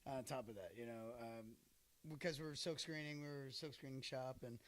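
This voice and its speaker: A man's voice: medium pitch, brisk, fairly bright tone. A man hosting a podcast who tells a story in casual chat, rambling with lots of fillers and laughter. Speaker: podcast host.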